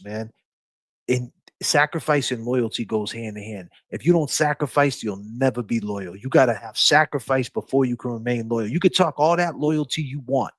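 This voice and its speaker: A man's voice: a little high, no room sound. A man hosting a livestream in casual talk. He is emphatic and profane, preaching and repeating his phrases for force. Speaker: livestream host.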